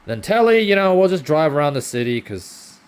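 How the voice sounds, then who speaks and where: A young man rants into the camera from his kitchen, sarcastic and fed up, cursing freely. His pitch swings widely between highs and lows as he vents. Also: very animated, fairly quick, smooth. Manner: frustrated, sarcastic, swearing often. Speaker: vlogger. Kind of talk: ranting vlog while cooking. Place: home kitchen.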